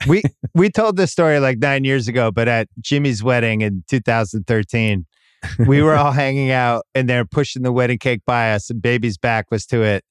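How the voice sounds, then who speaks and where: Smooth wry middle-aged man telling a story. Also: mid-range voice, normal speed, no echo, studio quality. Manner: wry storyteller, self-mocking. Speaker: podcast host. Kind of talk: casual chat.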